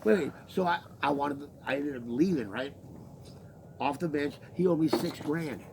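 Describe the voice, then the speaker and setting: A man with a gravelly, rough-edged voice pitched a touch high for a man, venting in loose, rambling talk. He swears freely and slips into the voices of the people in his story. A faint hiss of noise sits under his voice. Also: moderate pace, darkish tone, poor audio. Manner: profane, rambling, acts out quoted exchanges. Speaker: laborer telling his story.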